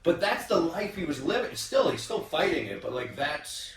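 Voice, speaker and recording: A man hosting a casual round-table chat, telling stories in an animated way with many restarts and fillers. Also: on the high side, moderate pace, reverberant, recorded from a distance. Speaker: podcast host.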